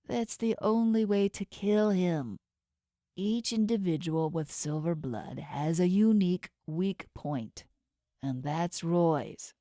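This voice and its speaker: A woman with a fairly low, mellow voice speaks slowly as a menacing, inhuman male boss with shark teeth in an audiobook. The character is cold, threatening, and condescending, and the clean studio recording has no echo.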